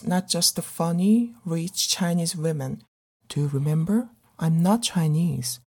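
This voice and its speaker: Middle-aged woman doing a dramatic monologue, earnest, kinda breathy, lowish voice. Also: mellow. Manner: earnest, pleading, measured. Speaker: actor. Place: living abroad as a migrant in a big city.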